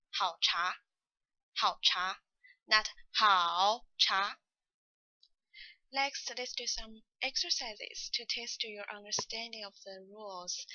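A woman slowly explaining Mandarin tone rules and demonstrating each word aloud. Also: on the high side, pushed and bright, no echo, lo-fi sound. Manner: slow, careful, demonstrates tones aloud. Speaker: Mandarin tone teacher. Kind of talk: scripted tutorial narration.

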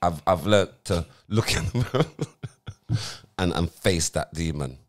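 A man, co-hosting a podcast in lively, argumentative banter. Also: sits low, measured pace. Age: 40s. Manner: animated, laughing, cuts in to argue his point. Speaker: podcast co-host. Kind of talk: casual banter.

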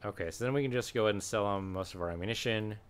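A man's voice: on the low side, very fast, smooth. A man giving chatty, wry commentary while playing a video game, thinking aloud with frequent hesitations. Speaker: gaming channel host. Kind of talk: let's play commentary.

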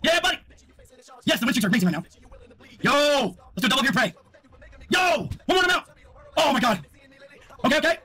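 A fast-talking man with a husky, high voice streams his own gambling. He is excitable and swears constantly, and his pitch swings wide as he breaks into shouts. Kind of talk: live-stream reaction.

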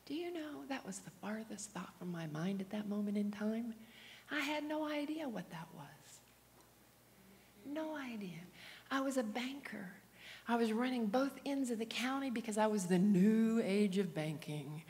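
A woman preaching a sermon, telling her story with animated swings from whispers to loud, fervent prayer. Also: a little high, moderate pace, a little hiss or hum. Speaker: guest preacher. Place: church sanctuary. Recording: long church hall reverb.

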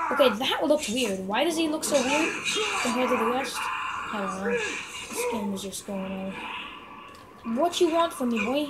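A young woman chats her way through a video game, her voice sitting high and bright. She gets excitable and shouts at enemies between muttered asides. The home recording carries a clear hiss of background noise. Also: normal speed, long pauses. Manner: chatty, excitable, mocks enemies. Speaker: gamer. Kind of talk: casual gameplay commentary.

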